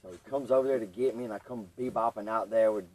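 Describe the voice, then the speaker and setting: A man's voice: lowish voice, fast talker, far from the mic, rough recording. A young man, telling his recovery story as a podcast guest and acting out what others said. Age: young adult. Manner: animated storytelling, acts out quoted voices.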